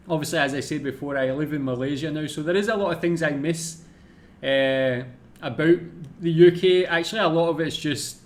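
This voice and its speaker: Scottish man, reaction host, casual chatty commentary, self-deprecating, slightly high voice. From Scotland.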